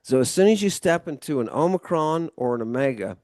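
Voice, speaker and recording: A man's voice: on the high side, lively intonation, fairly quick, a little mellow, no room sound. A man giving a casual one-on-one Ancient Greek lesson, explaining step by step and often checking understanding with "right?". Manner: casual and loose, with mild swearing.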